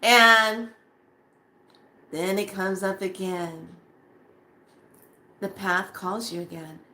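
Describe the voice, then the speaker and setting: A woman speaking casually to camera about staying on a spiritual path, animated and acting out her own past reactions. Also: mid-range voice, very slow, a little hiss or hum.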